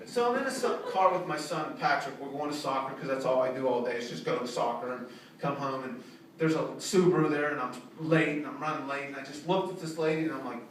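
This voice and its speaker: A man's voice: fast, fairly bright tone. A middle-aged man doing a stand-up comedy set, brash and profane, recorded in a small art studio venue. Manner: brash and profane, pitching up for quoted callers. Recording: very echoey room, from a distance, audible noise.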